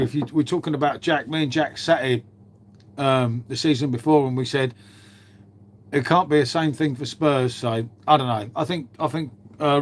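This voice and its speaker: A middle-aged man talks casually on a livestream, answering chat in a laid-back, rambling way. He swears freely and leans on mate and innit. His voice sits a touch higher than most men's. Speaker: livestream host reading chat.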